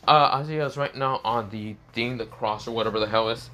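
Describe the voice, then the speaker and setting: A man's voice: mid-range voice, fairly quick, pushed and bright. Rambling man narrating with a sore throat. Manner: rambling, full of fillers like "this is where, well". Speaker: fan story narrator. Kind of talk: improvised storytelling.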